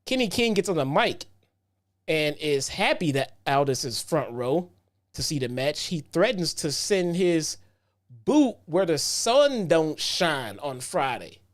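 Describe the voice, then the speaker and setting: A man with a slightly high voice talks through wrestling matches in a loose, unhurried recap. He circles back on his own phrases and leans on casual fillers. The tone stays easygoing and chatty. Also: animated. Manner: laid-back, frequent "um" and "man", repeats himself. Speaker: wrestling show reviewer.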